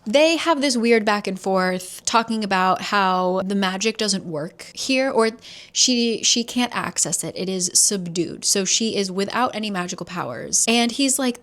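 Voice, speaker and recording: A woman's voice: medium pitch, unhurried, a bit bright. Chatty woman recapping a fantasy novel. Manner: chatty, frequent "like", swears casually. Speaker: book reviewer. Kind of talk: casual book recap.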